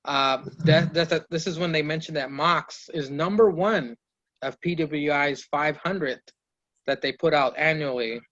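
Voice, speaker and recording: A man's voice: fairly high pitch, unhurried, a bit bright, muffled recording. A man hosting a casual podcast, recapping wrestling in a loose, swearing play-by-play and mimicking the wrestlers. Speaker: podcast host.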